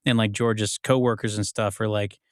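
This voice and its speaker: A man's voice: fairly low pitch, level tone, dry recording, studio quality. Rambling man in casual movie chat. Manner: rambling, filler-heavy, retells scenes in quick voices. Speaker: podcast co-host.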